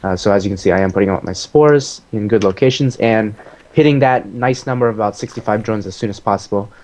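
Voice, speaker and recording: A man casually explaining his own strategy game match as he plays it, relaxed, with many fillers. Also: lowish voice, quick pace.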